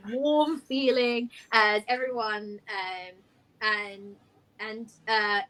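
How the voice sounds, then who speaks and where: A woman game master narrating a tabletop one-shot. Her voice sits fairly high, and she tells the story with lots of ums and easy laughter. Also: drawn-out words. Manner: lively, full of fillers and laughter.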